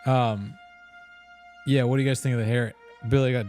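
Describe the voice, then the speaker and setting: A man's voice: medium pitch, steady tone, normal speed, darkish tone, faint music behind. A man co-hosting a casual livestream, joking crudely and laughing often as he reacts to clips.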